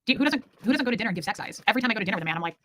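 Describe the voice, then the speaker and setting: A woman's voice: mid-range voice, expressive, very fast, a bit bright. A woman in her forties hosting a casual livestream, chatting candidly and jokily while reacting to viewer comments. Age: 40s. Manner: candid, rambling, jokey, reacts to chat. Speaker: livestream host.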